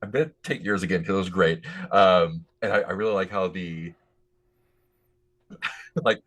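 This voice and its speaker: A man's voice: low-pitched, unhurried, long pauses, fairly bright tone. A man rambling in casual chat after a tabletop game session, chuckling often.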